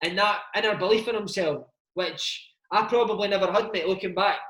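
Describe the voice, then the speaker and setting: A Scottish ex-footballer in his thirties tells dressing-room stories in a loose, swearing, matey way. His voice sits high for a man. The room echo is noticeable. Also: steady tone, brisk, fairly bright tone. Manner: swears freely, calls listener mate. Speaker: former footballer, interview guest. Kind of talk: casual anecdotal chat. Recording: roomy echo.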